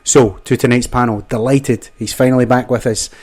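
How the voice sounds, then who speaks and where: A man's voice: medium pitch, steady tone, normal speed, darkish tone. A man hosting a casual panel show, reading sponsor spots and calling his guests mate. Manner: chummy, calls guests mate and amigo. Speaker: podcast host.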